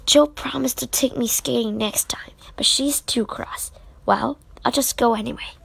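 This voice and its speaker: A woman reader voicing a sulky, tearful young girl in a storybook reading, in a breathy, pleading manner. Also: fairly high pitch, moderate pace, no room sound, whispered, full character voice.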